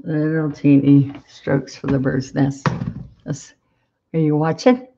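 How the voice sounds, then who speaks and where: A woman leads a live painting lesson in an unhurried, fairly level voice, chatting to viewers as she works. The sound is a little dull, like live-stream audio. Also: deep voice, level tone, vocal fry, dark tone. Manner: chatty, encouraging, talks to viewers while painting. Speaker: painting instructor.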